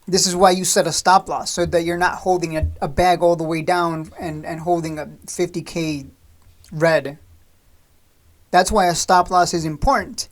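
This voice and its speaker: Blunt scolding woman trading host. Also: fairly low pitch. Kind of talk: blunt stock trading rant to camera.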